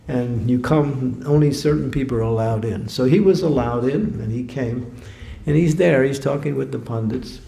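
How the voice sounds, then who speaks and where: Gravelly man telling stories in a hall. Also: medium pitch, dark tone. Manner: anecdotal, chuckles often, repeats words. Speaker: guest speaker at a temple program. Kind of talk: storytelling lecture. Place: temple hall. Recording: echoey hall recording.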